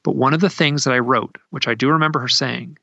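A man's voice: mid-range voice, steady tone, quick pace, creaky, bright, forceful tone, dry recording, muffled recording. A man from Idaho, a guest telling a personal story in a casual, rambling way with many restarts. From Idaho, USA.

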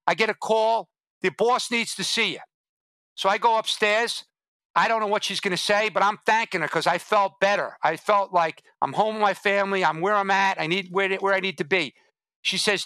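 A middle-aged man, a former drug agent, telling blunt, animated stories as a podcast guest and acting out the dialogue. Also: high-pitched, a little fast, dry recording. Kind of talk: anecdotal storytelling in a podcast interview.

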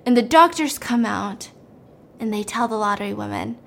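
A woman's voice: mid-range voice, expressive, moderate pace, creaky, a bit bright, a little hiss or hum. A young woman casually retelling a film plot, acting out the characters' lines with voices and dropping to a whisper for the menacing ones. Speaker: storyteller recapping a film plot. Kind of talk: animated casual plot recap.

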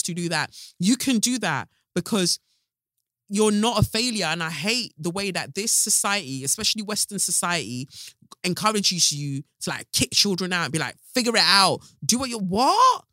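A man's voice: sits high, bright, forceful tone, dry recording, studio quality. A man hosting a podcast, reacting emotionally and animatedly to a listener's message in casual slang. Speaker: podcast host.

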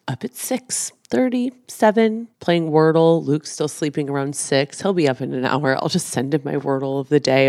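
A woman's voice: deep voice, no room sound, clean studio sound. A woman co-hosting a podcast, chatting casually with her partner, laughing often and poking fun at herself. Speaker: podcast co-host.

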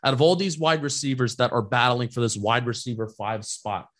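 A young man co-hosting a casual sports talk show, leading segments in a measured way. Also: medium pitch, a bit bright. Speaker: podcast co-host.

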